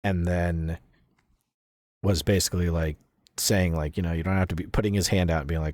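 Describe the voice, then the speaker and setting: A man's voice: low-pitched, moderate pace, dry recording. A man streaming and chatting casually, rambling through a story with lots of "like" fillers and casual swearing, close to the mic. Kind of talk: casual chat retelling a story.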